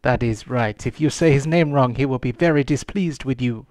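A man's voice: medium pitch, normal speed, darkish tone, no room sound, natural voice. Man voicing a grave priestess with a French-tinged accent. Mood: stern. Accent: put-on slight French-Caribbean. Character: solemn woman voodoo priestess.

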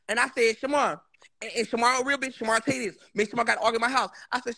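A man's voice: very high voice, very fast, creaky, sharp tone. A man on a livestream call, insisting and swearing oaths as he defends himself. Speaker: live stream guest. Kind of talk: heated livestream argument.

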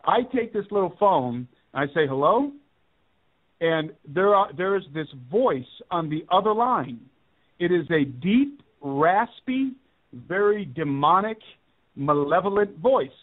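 A man's voice: high voice, animated, a little slow. Earnest man on a tinny phone line. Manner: earnest, emphatic, repeats key points. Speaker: radio show guest. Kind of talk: personal testimony storytelling. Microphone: telephone.

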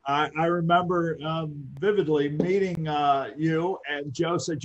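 A man's voice: on the high side, fairly even intonation, a little slow, few pauses, muffled recording. A man co-hosting a casual live-stream chat, hesitant with many ums and uhs. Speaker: co-host.

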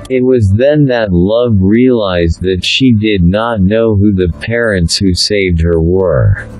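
A man narrating a fable in a slow, deliberate storybook reading. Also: on the low side, darkish tone, rough recording. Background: faint instrumental music.

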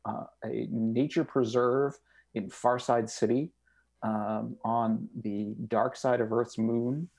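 Gravelly, mellow-voiced man guesting. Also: medium pitch, steady tone. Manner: dry, wry, unhurried with many fillers. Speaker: game designer guest. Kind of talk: casual podcast chat. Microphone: studio mic.

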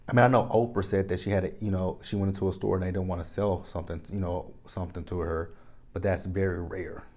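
A man's voice: low voice, lo-fi sound. A man recapping a reality show in casual chat to the camera, candid and emphatic, speaking straight to his viewers. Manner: candid, animated and emphatic, addresses viewers directly.

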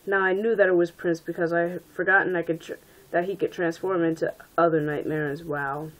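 A woman reads a fan story aloud and keeps interrupting herself with sarcastic, exasperated asides. Her voice sits a bit low for a woman. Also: fairly even intonation, a little fast, rough recording. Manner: sarcastic asides, frequent laughter. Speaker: reader and commentator. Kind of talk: mocking reading of bad fan fiction.

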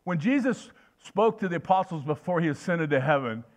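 A man's voice: on the high side, animated, fairly quick. An older man preaching a sermon in a folksy, anecdotal way, telling stories with frequent restarts.

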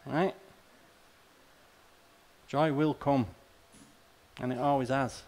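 A man's voice: mid-range voice, steady tone, takes it slowly, a little mellow. A male pastor delivering a sermon in a conversational, plain-spoken way, often tossing rhetorical questions and wry asides to the congregation. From Australia.

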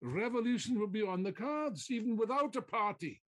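A man delivers a fiery political speech in a fairly high voice. He hammers his points with repeated phrases and rhetorical questions, and now and then mocks his opponents with a put-on voice. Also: animated, normal speed, fairly bright tone. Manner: mocking mimicry of opponents. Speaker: political speaker.

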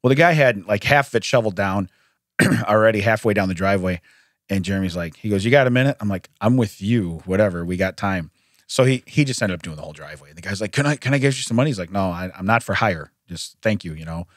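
A lowish-voiced man talks fast in a studio-quality recording on a studio mic, free of echo. While co-hosting a podcast, he tells a story in casual conversation with animation, frequent laughter, and impressions of what people said.

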